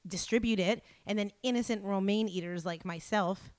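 A woman's voice: medium pitch, normal speed, a little mellow, no echo. A woman co-hosting a podcast, telling self-mocking stories with lots of laughter in casual chat. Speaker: podcast co-host.

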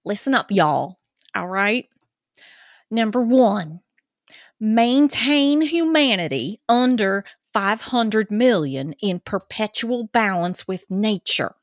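A woman's voice: medium pitch, lively intonation, slow pace, no room sound, clean studio sound. A woman voicing an angry, conspiracy-minded Southern woman with a put-on Georgia accent, drawling and preachy.

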